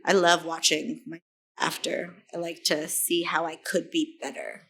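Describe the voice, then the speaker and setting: A woman from East Los Angeles, an actress chatting as a guest, who lively acts out her own reactions in quoted voices. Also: low-pitched, unhurried, creaky. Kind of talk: casual chat.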